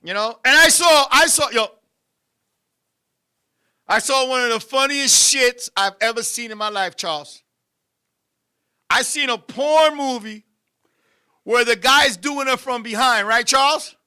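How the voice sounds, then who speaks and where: A man hosting a comedy show, telling crude jokes loudly and animatedly and often shouting. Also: extremely high pitch, a little slow, long pauses, clear, resonant tone. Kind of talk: crude stand-up style comedy banter.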